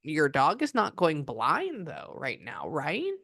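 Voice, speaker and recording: Low-voiced woman psychic medium, chatty. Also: wildly swooping pitch, slow pace, a bit bright, dry recording, studio quality. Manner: chatty, often quoting the spirit. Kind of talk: relaying spirit messages in a client reading.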